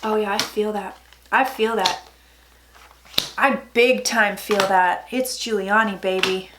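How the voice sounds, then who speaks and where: A woman psychic talking through a tarot reading in a chatty, dramatic way, with sudden loud asides. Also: mid-range voice, fairly even intonation, takes it slowly, noisy background. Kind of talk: casual tarot reading vlog.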